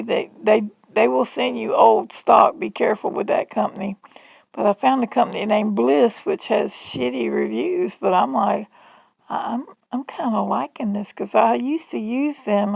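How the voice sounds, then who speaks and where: A middle-aged Southern woman talking to her phone in a loose, rambling vlog, folksy and chatty. Her voice sits a little high and is heavily gravelly with vocal fry. The sound is dry and close, with almost no room around it. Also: a little mellow, dry recording, low-quality recording. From Southern United States. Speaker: vlogger. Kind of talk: rambling casual monologue.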